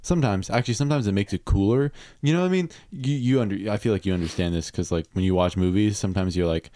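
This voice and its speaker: Rambling, halting man as podcast guest. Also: on the low side, warm tone, dry recording. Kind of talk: casual chat.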